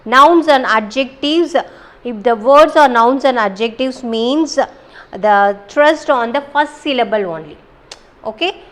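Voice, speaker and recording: A woman teacher with a Kerala Indian English accent explaining a grammar lesson, pausing with fillers and asking if students follow. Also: fairly high pitch, poor audio. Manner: explains slowly with many fillers and check-ins. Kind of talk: recorded online English lesson.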